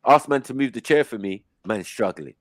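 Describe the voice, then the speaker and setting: Bloke telling barbershop stories, swings his pitch all over, dead dry mic. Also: moderate pace, dry recording. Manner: animated storytelling, slangy. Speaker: host. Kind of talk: casual chat.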